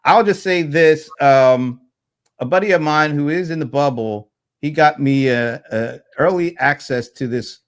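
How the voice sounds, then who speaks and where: A man hosting a casual panel chat, relaxed and rambling, with fillers and restarts. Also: a little high, measured pace. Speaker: host.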